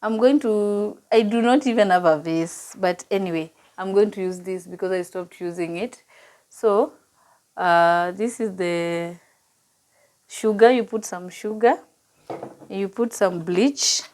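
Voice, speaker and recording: A woman speaking in a personal vlog, earnest and heartfelt, sometimes dropping to a hush and sometimes chatty and upbeat with her viewers. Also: medium pitch, a little slow, poor audio. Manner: heartfelt and earnest, with soft, hushed stretches. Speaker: vlogger and nutrition coach. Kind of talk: personal vlog talk to camera.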